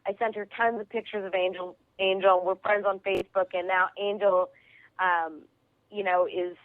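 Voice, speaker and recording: A woman comedian telling an animated story as a radio guest, acting out the people in it. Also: mid-range voice, normal speed, no echo. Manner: excitable, quotes people in her stories. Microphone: phone call. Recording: tinny phone line.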